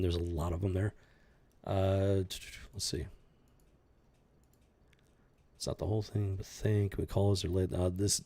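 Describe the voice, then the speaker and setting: A man with a deep, gravelly voice talks through a story in casual commentary. His tone is husky, and he circles back on his words, restarting phrases as he presses his point. He comes across earnest and unscripted. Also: darkish tone. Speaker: channel host commenting on a news story.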